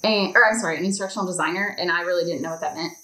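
A woman's voice: fairly low pitch, very fast, sharp tone. Chatty woman guest in an echoey room. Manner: chatty storyteller with frequent ums and likes. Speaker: podcast guest, instructional designer. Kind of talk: casual interview chat. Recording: roomy echo.

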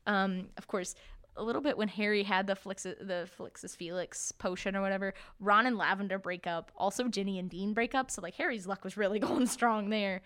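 A woman's voice: medium pitch, steady tone, fairly quick, a bit bright, smooth. A young woman co-hosting a podcast, chatting casually about a book and acting out quotes. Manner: chatty, many fillers, acts out quotes. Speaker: podcast co-host. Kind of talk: casual book-discussion chat.

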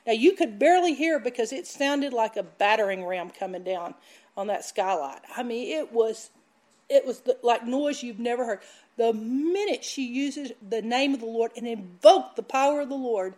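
A woman preaching a sermon, emphatic and animated as she tells stories. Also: fairly high pitch, normal speed. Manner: animated, emphatic, laughs while telling stories. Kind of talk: sermon with storytelling.

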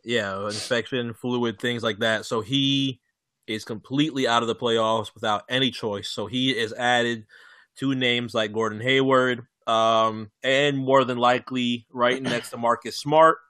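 A man's voice: mid-range voice, a little slow, no echo. A young man co-hosting a casual podcast, talking loosely, swearing and laughing a lot. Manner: laughs often, swears, animated. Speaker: podcast co-host.

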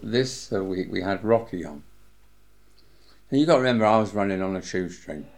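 An older man from England, a former cinema manager, tells lively, chatty anecdotes in a casual interview, his words slurred from medication. His voice sits low and he speaks briskly.

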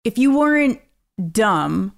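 A woman co-hosting a podcast in casual chat, gossiping excitedly and laughing often. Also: on the high side, slow, gravelly. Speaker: podcast co-host.

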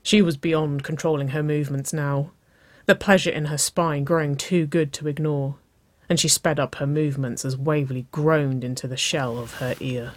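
A reader narrating intimate fiction in a slow, soft, hushed storytelling voice. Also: mid-range voice, steady tone, no room sound.

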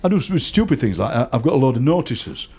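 A middle-aged South Yorkshire man with a slightly husky voice tells comic anecdotes in a relaxed interview. His pitch swings up and down as he talks, and he laughs through his stories. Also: fast. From South Yorkshire, England. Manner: chatty storyteller, laughing often, acting out voices in anecdotes. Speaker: poet and radio presenter, guest. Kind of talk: casual anecdotal interview chat.

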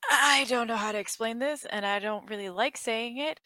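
A woman playing a tabletop role-playing game, animated and asking quick questions, sometimes speaking as her character. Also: a little high, dry recording. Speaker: player.

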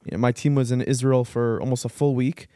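A man hosting a casual podcast discussion, quick and animated, often cutting in with questions. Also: mid-range voice, no room sound, clean studio sound. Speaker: podcast host.

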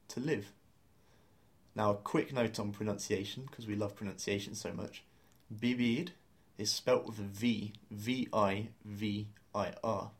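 A man teaching a beginner language lesson, explaining grammar step by step and spelling out words letter by letter. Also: on the low side.

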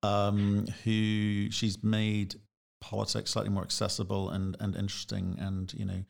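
A male host with a lowish, gravelly voice leads a relaxed conversational interview. He talks in a chatty way, corrects himself mid-sentence, and fills pauses with ums. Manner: chatty, self-correcting, many fillers.

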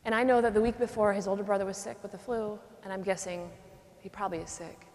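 A woman's voice: medium pitch, fairly even intonation, quick pace, a little mellow. A woman, a nun giving a charismatic retreat talk, teaching in an earnest, conversational way and acting out little scenes. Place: cathedral. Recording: long cathedral reverb.

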